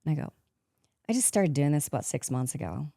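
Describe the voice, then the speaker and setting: A woman in her fifties talks through her stories as an interview guest, acting out what others said and breaking into laughs along the way. Her voice sits very low for a woman, with a soft, mellow tone. The sound is dry and close. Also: brisk, gravelly, dry recording. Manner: lively storyteller, acts out quotes, laughs often. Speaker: guest, actress turned painter. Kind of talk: casual interview chat.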